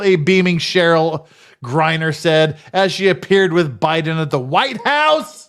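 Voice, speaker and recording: A man's voice: fairly high pitch, lively intonation, unhurried, fairly bright tone, clear, resonant tone. A man hosting a commentary show, ranting in a profane, sarcastic, scornful way. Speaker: host.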